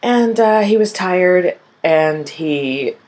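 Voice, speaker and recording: A woman's voice: lowish voice, lively intonation, drawn-out words, a little mellow. A young adult woman telling a personal story in a candid, conversational way, full of "like" and calling listeners y'all. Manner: candid, conversational, frequent "like" fillers.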